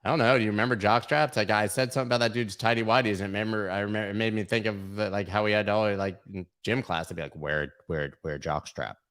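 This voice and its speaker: A man with a lowish voice hosts a livestream, talking through market charts in a loose, profane way. He mocks trolls and jokes as he goes. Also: steady tone, racing, few pauses, fairly bright tone, clear, resonant tone. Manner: irreverent, profane, mocking. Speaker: crypto livestream host. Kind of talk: casual livestream chart commentary.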